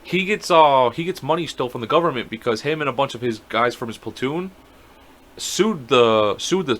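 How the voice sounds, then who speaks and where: A man's voice: mid-range voice, expressive, moderate pace, a bit bright. A man co-hosting a podcast, telling a story in casual chat, acting out quotes and swearing freely. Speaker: podcast co-host.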